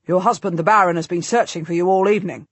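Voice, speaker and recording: A woman voicing an eager young male guardsman in an audiobook, reporting news quickly. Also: fairly low pitch, fairly even intonation, slightly rough, dry recording.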